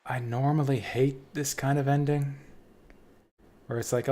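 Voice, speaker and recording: A man's voice: mid-range voice, flat delivery, measured pace, long pauses, dark tone. A man streaming a game, reading its dialogue aloud in a dramatic way and drifting into casual, profane asides. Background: faint game music.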